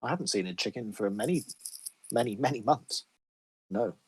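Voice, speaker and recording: A man playing in a tabletop game, making quiet, casual remarks. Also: medium pitch, lively intonation, normal speed, breathy edge, rough recording. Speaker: player.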